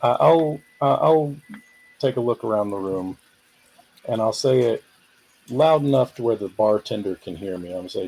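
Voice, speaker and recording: A man playing a tabletop game, describing his character's actions calmly with some hesitant fillers. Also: mid-range voice, moderate pace, a little hiss or hum, poor audio. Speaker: player.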